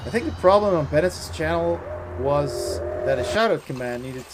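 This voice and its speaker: Slow-talking Dutch streamer. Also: male voice, a little high, animated, background noise. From Netherlands. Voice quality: laughs often, chatty asides to chat. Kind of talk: casual live-stream chat while playing. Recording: game music behind.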